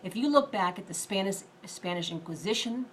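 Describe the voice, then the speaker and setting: A middle-aged woman minister giving an earnest, emphatic sermon-style message and quickly reading scripture aloud. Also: medium pitch, animated, a little hiss or hum. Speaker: deliverance minister.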